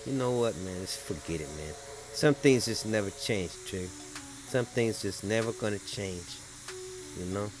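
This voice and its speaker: A man's voice: on the low side, normal speed, background noise, close to an everyday voice. A man voicing an irate male viewer who heckles a painter with swearing and mock outrage. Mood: grumbling.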